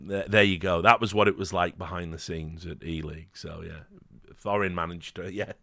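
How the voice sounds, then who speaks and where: Man, host, casual anecdote, slightly low voice, dry sound, animated, swearing. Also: normal speed, creaky, no room sound. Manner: animated, swearing, with frequent fillers and quoted voices.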